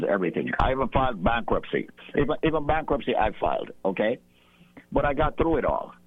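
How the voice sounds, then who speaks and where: A man's voice: on the low side, breathy edge, no echo, phone-quality sound. A man who runs a credit repair company, giving emphatic, preachy advice on radio and repeating his key lines. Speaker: company owner pitching on radio. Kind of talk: persuasive radio talk.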